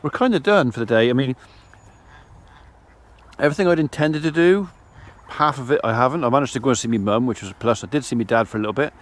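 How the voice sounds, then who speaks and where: A middle-aged man, talking casually to camera while he does his farm chores outdoors. He rambles in a relaxed, chatty way and breaks off now and then to talk to his animals. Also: medium pitch, quick pace. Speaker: farmer vlogger. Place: farmyard outdoors.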